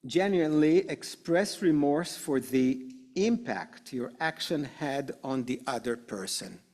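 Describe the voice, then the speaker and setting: A middle-aged man teaching an adult class in a synagogue classroom, animated and acting out quoted excuses. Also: fairly high pitch, unhurried. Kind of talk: classroom lecture.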